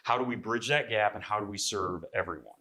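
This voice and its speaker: Man, seminar presenter, magazine editor, lowish voice, bright tone, conversational. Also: a little fast. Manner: conversational, frequent "right?" to the audience, clears throat. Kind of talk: live seminar talk to an audience.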